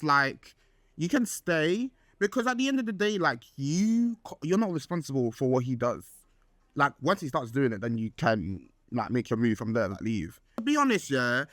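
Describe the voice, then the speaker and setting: A young man hosting a casual podcast, rambling and excitable with lots of fillers and restarts. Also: no echo. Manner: excitable, with swoops up in pitch. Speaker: podcast host. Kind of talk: casual solo podcast chat.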